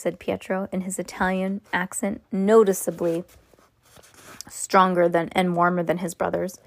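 A woman's voice: on the low side, steady tone, measured pace, no echo. A woman reading a chapter book aloud to a child at home, stopping for asides, restarts and laughs. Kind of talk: casual read-aloud of a novel.

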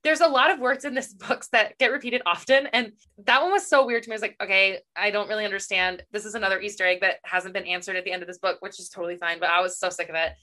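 Bright, expressive woman in casual chat. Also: medium pitch. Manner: rambling, expressive, quick to laugh. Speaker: podcast co-host.

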